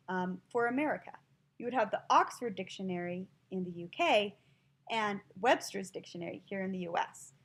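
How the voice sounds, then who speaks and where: Leading a listening lesson for language learners, a woman teacher explains things slowly and spells out words one letter at a time. Her voice is on the high side.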